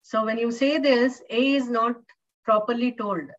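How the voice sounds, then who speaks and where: Speaking high yet steady and a little slowly, a woman lecturer with an Indian English accent patiently goes over her material, repeating key points and asking students questions. The classroom recording is distant, dull, and lo-fi.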